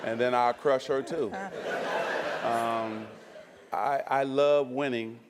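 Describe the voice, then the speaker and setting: A man's voice: mid-range voice, fairly even intonation, slow, heavy background noise. A man answering questions as a guest on stage in front of an audience, chatty, laughing often and using lots of fillers. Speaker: guest speaker. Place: stage before a live audience.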